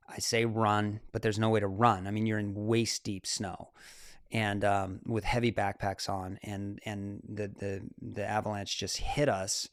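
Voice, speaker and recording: A man in his forties, a mountain climber and photographer, telling stories as an interview guest. His delivery is animated, with laughter and quick asides. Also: lowish voice, no room sound, clean studio sound. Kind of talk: casual interview storytelling.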